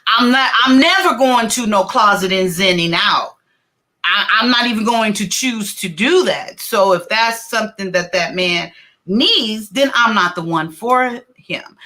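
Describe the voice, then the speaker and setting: A woman hosting a casual talk show, loud and expressive, laughing often as she chats. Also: fairly high pitch. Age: adult. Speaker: podcast host. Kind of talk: casual chat.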